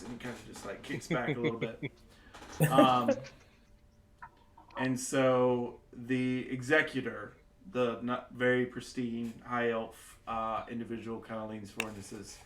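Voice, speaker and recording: A man's voice: medium pitch, flat delivery, unhurried. A man narrating as a game master in a casual way, full of fillers and asides. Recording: echoey home setup.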